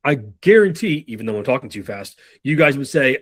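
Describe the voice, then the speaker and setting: A man giving a casual sales training talk, swearing freely and acting out pitches and customer replies. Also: sing-song, no echo. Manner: loose, profane, acts out sales calls in quick role-play.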